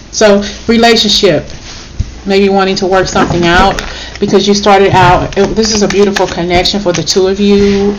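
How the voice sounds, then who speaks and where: A woman reads tarot in a loose, talky way, emotional and blunt, with swearing and a habit of tacking on "okay?". Her voice sits at a middling pitch. The recording is noisy, with clicking sounds behind her. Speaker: tarot reader. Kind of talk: casual spoken tarot reading.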